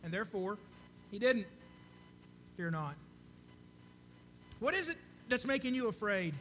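A man preaching a sermon in an earnest, conversational way, often dropping to a soft hush. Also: high-pitched, big pitch swings, unhurried, a little hiss or hum.

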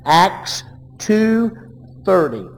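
A man preaching a sermon, reading verses aloud and swinging between loud and hushed delivery. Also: sits high, big pitch swings, very slow, in a large hall.

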